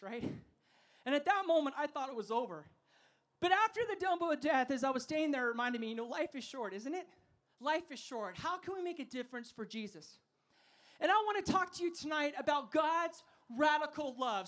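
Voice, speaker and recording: A man giving a sermon as a festival speaker. He tells funny stories and has the audience shout words back to him. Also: extremely high pitch, a little fast. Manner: energetic, asks the crowd to call back; humorous storytelling.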